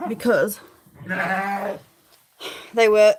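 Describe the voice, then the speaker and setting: A woman's voice: lowish voice, normal speed, pauses often, a little hiss or hum. A woman chatting casually to viewers of her livestream from a farm, rambling with restarts, filmed on a phone on a tripod. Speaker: smallholder livestreaming her animals. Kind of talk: casual live chat with viewers.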